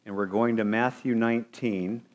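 Male pastor, lower register, preaching a New Year sermon to his church. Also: fairly even intonation, normal speed, darkish tone. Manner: preaching with rhetorical questions to the congregation.

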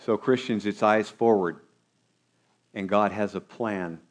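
A man's voice: lowish voice, steady tone, a little slow. A man preaching a sermon as pastor, asking his congregation rhetorical questions.

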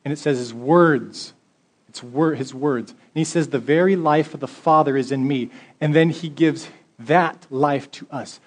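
A man's voice: fairly high pitch, a little slow. Man preaching with emphatic, rising delivery. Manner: conversational preaching, building to emphatic exhortation. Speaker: pastor. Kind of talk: sermon with scripture reading.

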